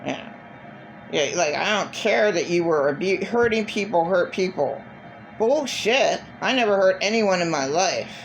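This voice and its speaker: A woman's voice: on the low side, lively intonation, unhurried, a little hiss or hum, poor audio. A middle-aged woman vlogging in a blunt, profane, repetitive rant. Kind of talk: casual monologue.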